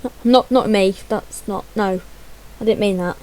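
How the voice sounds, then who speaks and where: A woman's voice: mid-range voice, measured pace, dark tone, low-quality recording. A woman giving chatty, self-deprecating gameplay commentary, muttering to herself as she fumbles through menus. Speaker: gaming channel host.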